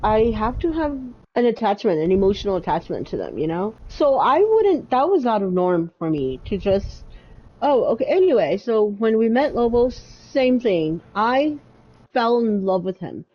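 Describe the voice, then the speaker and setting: A woman's voice: mid-range voice, big pitch swings, moderate pace. A woman co-hosting a podcast, telling a long casual story full of fillers and restarts. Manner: rambling, lots of fillers and restarts. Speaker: podcast co-host. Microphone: home mic with audio issues. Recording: dull lo-fi audio.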